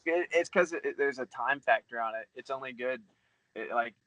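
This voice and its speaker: A man's voice: medium pitch, fairly bright tone, no echo, rough recording. A man talking casually as an interview guest, loose and chatty, with plenty of fillers and swearing. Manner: fast, loose, swears freely, many fillers. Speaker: guest, book reseller.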